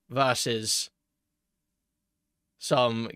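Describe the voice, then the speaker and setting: A man's voice: medium pitch, a little slow, bright, forceful tone, smooth, no room sound, studio quality. A man reacting to a clip with mocking, crude commentary and frequent laughs. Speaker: commentary host.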